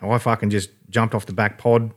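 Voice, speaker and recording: A man's voice: on the low side, level tone, moderate pace. An Australian man telling a story in a rambling, laid-back way, swearing freely. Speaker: podcast guest. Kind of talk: casual storytelling.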